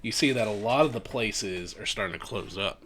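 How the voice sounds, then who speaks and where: Bright-voiced man narrating a tabletop game. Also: fairly low pitch, brisk, a little hiss or hum. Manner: loose, chatty, laughs often, trails off into fillers. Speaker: game master.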